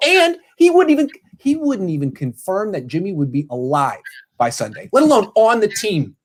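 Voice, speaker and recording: Man, sports talk host, casual, lively delivery, voice a bit high. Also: moderate pace. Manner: animated, quotes people in paraphrase.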